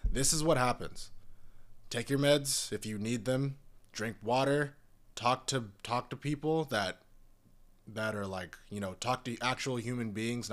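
A young man in a casual, profane, rambling rant, talking in an exasperated way. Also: medium pitch. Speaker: commentator.

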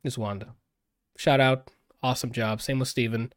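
A man's voice: mid-range voice, steady tone, moderate pace, dry recording, clean studio sound. Gushing, foul-mouthed man reviewing a movie. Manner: gushing, profane, rambling with fillers. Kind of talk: casual movie review chat.

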